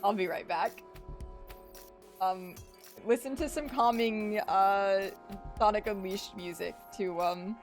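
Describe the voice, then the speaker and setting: A woman's voice: mid-range voice, slow, long pauses, faint music behind. A woman streamer reading a story game aloud and reacting with emotion and swearing. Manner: emotional, swears freely, restarts when upset.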